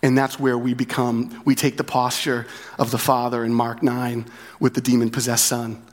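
A man's voice: medium pitch, completely flat delivery, moderate pace. A man preaching a sermon as pastor, talking in a conversational way, repeating key phrases and often asking "right?". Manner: conversational, with frequent tag questions.

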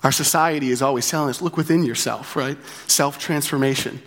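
A man's voice: mid-range voice, fairly quick. A man preaching a sermon as pastor, talking in a conversational way, repeating key phrases and often asking "right?". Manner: conversational, with frequent tag questions.

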